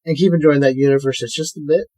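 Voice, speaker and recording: A man's voice: fairly high pitch, steady tone, quick pace, dark tone. A man hosting a podcast, chatting casually and rattling off plugs and promos. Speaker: podcast host.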